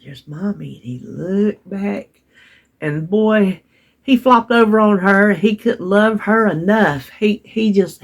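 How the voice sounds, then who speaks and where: An older woman with a drawl tells a family story to her viewers. Her talk is easygoing and folksy, full of little restarts and soft laughs, as in a casual vlog. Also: on the low side, gravelly, husky. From United States. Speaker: vlogger.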